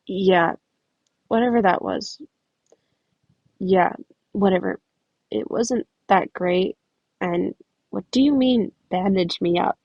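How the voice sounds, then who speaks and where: A woman's voice: medium pitch, slow pace, vocal fry, long pauses, no echo, muffled recording. A woman voicing a shy, prickly teenage boy in a fan story reading, brushing things off in a dismissive mutter, recorded dry and close.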